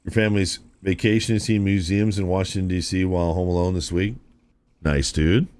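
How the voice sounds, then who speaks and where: A man's voice: deep voice, steady tone, a little fast, darkish tone. A man streaming a video game, chatting casually and musing aloud to his viewers, often calling them "dude". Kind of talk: casual live-stream gameplay chat.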